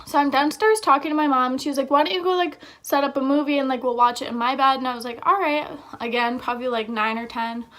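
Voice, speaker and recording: A woman's voice: high-pitched, level tone, fast talker, hardly any pauses, fairly bright tone. A young woman vlogger telling a story in a chatty, casual way, with lots of filler words.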